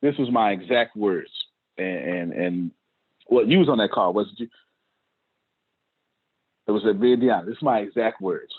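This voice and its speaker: A man's voice: fairly low pitch, normal speed, pauses often, slightly rough. A man hosting a motivational talk to his staff on a video call, preachy and repeating his points, often laughing. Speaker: host. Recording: tinny phone-like call audio.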